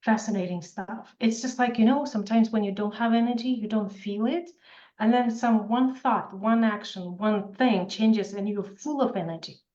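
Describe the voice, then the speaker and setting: A woman's voice: mid-range voice, moderate pace, mellow. A woman, an author and financial coach, giving a motivational interview in short, emphatic phrases. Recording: roomy, dull lo-fi sound.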